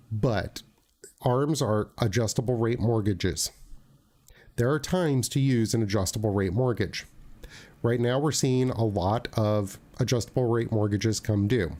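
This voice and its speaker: A man who works as a realtor, hosting a casual talk show and chatting in an animated way with plenty of fillers and restarts. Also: mid-range voice.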